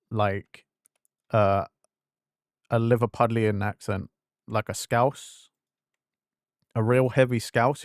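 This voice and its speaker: Rambling young man, softened English accent. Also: on the low side, dry recording, clean studio sound. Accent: fading English, London-leaning. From England. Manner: rambling, filler-heavy, self-interrupting. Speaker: streamer. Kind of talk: casual gaming stream chat.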